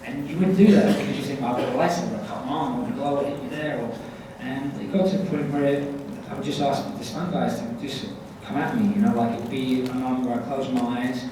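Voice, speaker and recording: A man's voice: medium pitch, brisk, hardly any pauses. A man from Scotland with a London accent, a convention panel guest telling stories animatedly and mocking himself. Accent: London English with Scottish traces. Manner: animated, self-mocking, restarts often. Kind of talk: casual Q&A storytelling. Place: large convention hall. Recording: echoey hall, distant mic, noisy.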